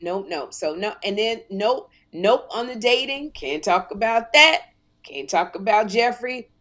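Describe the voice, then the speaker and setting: A middle-aged woman hosting a talk show, telling comic stories in a lively, animated way and acting out quotes. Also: mid-range voice, measured pace, rough recording. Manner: animated storytelling, acts out quotes. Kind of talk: casual comedic chat.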